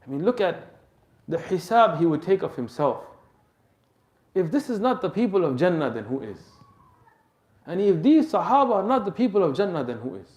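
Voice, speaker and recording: A man preaching a sermon, telling a story dramatically and sprinkling Arabic religious terms into his English. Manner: dramatic, acts out the story's voices and drops soft and low at emotional moments. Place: mosque hall. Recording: echoey mosque hall.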